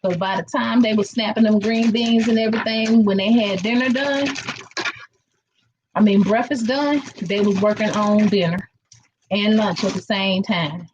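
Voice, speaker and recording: A woman's voice: medium pitch, steady tone, moderate pace, muffled recording, background noise. Chatty woman cooking live. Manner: chatty, rambling, talks straight to viewers. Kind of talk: casual live-stream chat. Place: home kitchen.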